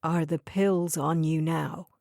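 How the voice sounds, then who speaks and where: A calm, gentle man with an Irish accent, played by a female audiobook narrator, speaking steadily and firmly. The voice is lowered, mellow and slow, recorded dry and close. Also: dry recording. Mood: urgent.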